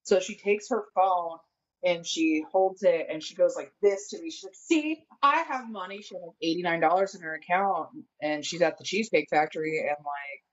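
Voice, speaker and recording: A woman telling a workplace story in a casual podcast chat, animated and acting out what people said. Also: on the low side, moderate pace, highs cut off. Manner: animated, acts out quotes while telling a story. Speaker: guest friend.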